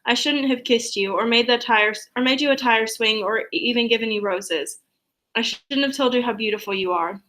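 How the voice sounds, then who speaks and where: A woman reading a novel aloud and voicing the lines of a remorseful, tearful teenage boy in her own gentle, apologetic tone. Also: a little high, normal speed, lightly acted, poor audio.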